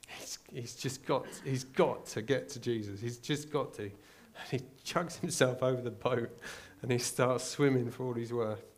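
A male preacher delivering a sermon, moving from quiet storytelling to loud, urgent exhortation. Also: mid-range voice, normal speed, a little hiss or hum.

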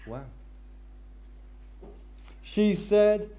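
A man preaching a sermon, swinging between loud excitement and hushed intensity. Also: mid-range voice, a little slow.

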